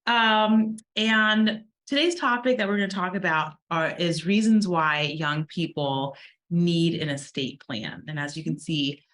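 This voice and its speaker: A woman's voice: lowish voice, a little slow, fairly bright tone. A woman hosting a casual podcast, chatty and laughing easily as she interviews a guest. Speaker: podcast host and law firm owner.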